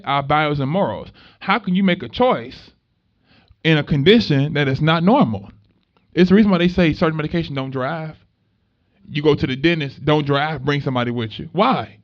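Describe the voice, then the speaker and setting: A young male minister talks to an audience, lively and conversational, and slips into other people's voices as he tells stories. His voice sits a little high. The recording is dull and lo-fi, with the top end muffled. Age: young adult. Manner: animated storytelling, acts out voices in dialogue. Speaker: minister and activist speaker. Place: event space at a market.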